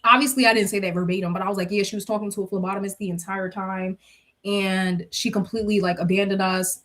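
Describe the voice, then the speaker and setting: A woman's voice: medium pitch, fast talker. A young woman telling her viewers a workplace story in a casual, gossipy way, acting out what everyone said. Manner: gossipy, animated retelling with quoted dialogue and bursts of laughter.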